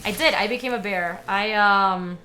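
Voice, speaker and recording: While playing cards on stream, this young woman keeps up a chatty commentary, talking to viewers and responding to chat. She speaks at a normal speed in a mid-range voice with a sharp edge to it.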